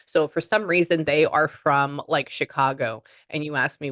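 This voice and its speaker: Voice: mid-range voice, fairly even intonation, moderate pace, fairly bright tone, no echo. A psychic medium, chatting through a spirit reading and relaying messages.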